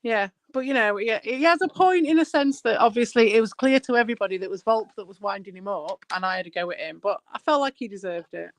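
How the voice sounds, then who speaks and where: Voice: medium pitch, fast talker, few pauses, a bit bright, rough recording. A speaker, rambling and swearing freely while chatting casually online as a co-host. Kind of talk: casual chat.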